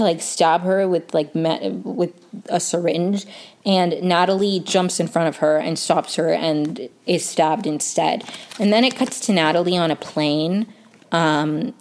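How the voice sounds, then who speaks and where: A woman's voice: lowish voice, a little mellow. A woman giving a casual, chatty TV episode recap, full of "um" and "like". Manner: chatty, many fillers like "um" and "like". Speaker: TV recap vlogger.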